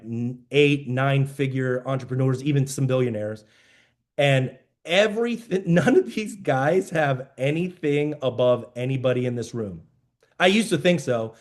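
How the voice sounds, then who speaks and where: A man giving a motivational business talk to a mastermind group, emphatic and repetitive, coaching his listeners. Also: medium pitch. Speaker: business mentor.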